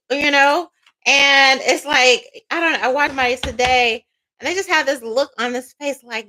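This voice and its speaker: Bright-voiced woman doing a tarot chat, cussing a lot, blunt and animated, kinda high. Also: normal speed. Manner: blunt, profane, animated, with laughs. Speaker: tarot reader. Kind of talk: casual spiritual monologue.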